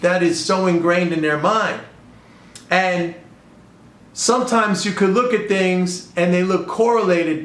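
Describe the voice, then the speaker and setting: A man's voice: high voice, a bit bright. An older man hosting his own show, talking in a sarcastic, exasperated and rambling way. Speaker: podcast host and trader. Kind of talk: casual commentary monologue. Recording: echoey room.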